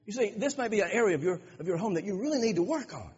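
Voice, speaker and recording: A man's voice: high-pitched, expressive, racing, a little mellow, breathy edge. A man preaching a sermon to his congregation, emphatic, often repeating words and restarting his phrases. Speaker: pastor. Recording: dull lo-fi recording with long hall reverb.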